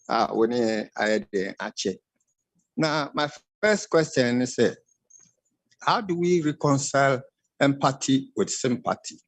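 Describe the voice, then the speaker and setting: A Ghanaian man puts his questions to a radio guest, switching between Twi and English. He pauses and restarts often, and his voice sounds dry and close. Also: medium pitch, no room sound, low-quality recording. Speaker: caller asking questions.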